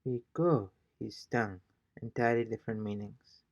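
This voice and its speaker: A man's voice: lowish voice, fairly even intonation, slow, creaky, a little mellow, dry recording, clean studio sound. A man teaching a casual language lesson as a fellow learner, hesitant and thinking aloud with many fillers. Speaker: self-taught Spanish learner teaching a lesson.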